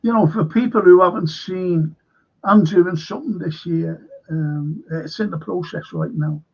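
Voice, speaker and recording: An older man chats on his livestream in a slow, gravelly, husky voice, looping back over his words. The sound is dull and lo-fi. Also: high-pitched, darkish tone. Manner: rambling, repeats himself, many fillers. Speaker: livestream host reading chat. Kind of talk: casual livestream chat. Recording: dull lo-fi stream audio.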